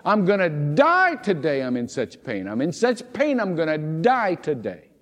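A pastor voicing a whiny, melodramatic female patient in a story, in a high, drawn-out wail. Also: wildly swooping pitch, full character voice. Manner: wailing, drawn-out. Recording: long hall reverb.

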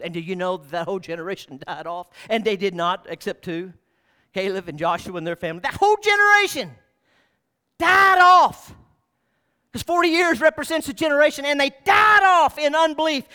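A middle-aged pastor preaches to his church in a very high, bright, forceful voice. He swings from shouted peaks down to hushed, confiding asides. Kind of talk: sermon. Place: church sanctuary.

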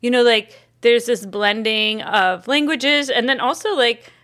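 A woman's voice: fairly high pitch, unhurried, a bit bright. Giggly woman podcast host, swears a lot, chatty. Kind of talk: casual chat.

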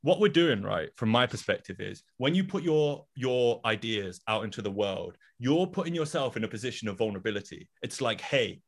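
A young man co-hosting a casual podcast, talking in an animated way and repeating words as he builds up his points. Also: medium pitch, fairly quick, few pauses. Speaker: podcast co-host.

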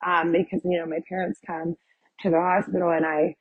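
A woman shares her personal testimony in a husky, low-pitched voice. She tells it vividly, with many "like" and "um" fillers. The recording is slightly dull, with a dry close sound. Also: little pitch movement, brisk, no echo. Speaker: guest sharing her testimony.

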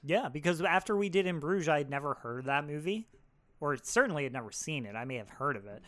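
A man's voice: fairly high pitch, lively intonation, fast talker, a bit bright. Upbeat man speaking to listeners. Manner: upbeat, addresses listeners directly. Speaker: podcast co-host. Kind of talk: casual film review chat.

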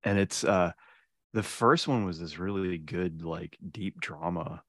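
Low-voiced man in rambling casual chat. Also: measured pace, dry recording, clean studio sound. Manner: rambling, laughs often, trails off mid-sentence. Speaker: podcast co-host.

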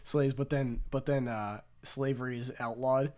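A man's voice: mid-range voice, steady tone, normal speed, dark tone. A man hosting a casual podcast, joking crudely and rambling with frequent restarts. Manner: rambling, joking, often trailing off. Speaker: podcast host.

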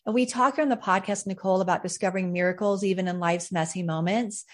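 Female podcast host, mid-pitch voice, reflective conversational delivery, faith interview. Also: fast talker. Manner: warm-hearted, reflective, with frequent fillers.

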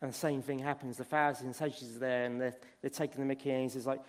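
A man's voice: medium pitch, level tone, racing, few pauses, in a large hall. A man preaching a sermon, earnest and storytelling, often restarting his phrases. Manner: earnest, restarts phrases while retelling stories.

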